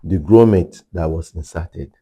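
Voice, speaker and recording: A hearing care clinician with a deep, dark, slightly breathy voice speaks unhurriedly. He's explaining things in an interview, repeating his key points for emphasis.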